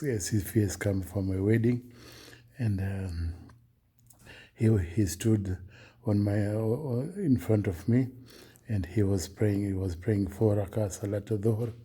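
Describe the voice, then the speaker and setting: Guy, husky low voice, halting and earnest, stops and restarts a lot. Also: mellow. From Oman. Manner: hesitant, halting, many fillers and restarts; earnest, solemn. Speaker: vlogger recounting a dream. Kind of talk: unscripted personal account.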